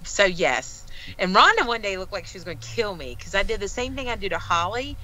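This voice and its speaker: A woman with a Southern US accent, a psychic medium telling stories in an animated, laughing way on a video call. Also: medium pitch, fairly quick, poor audio. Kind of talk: casual group chat.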